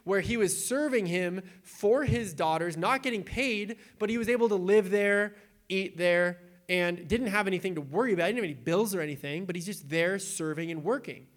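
A young adult man preaching in a casual, animated way, retelling scripture with acted-out quotes. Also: high-pitched, normal speed. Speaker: pastor.

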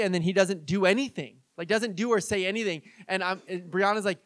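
A man's voice: high voice, fast talker, hardly any pauses, fairly bright tone, no echo. A man in his thirties preaching a conversational sermon, telling stories and acting out quoted voices. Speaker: pastor.

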